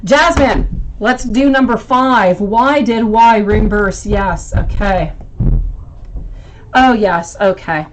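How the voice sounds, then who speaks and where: A woman reads tarot on a live stream, speaking slowly in a mid-range voice over slight background noise. She muses aloud about the cards and affectionately calls her viewers sweetie.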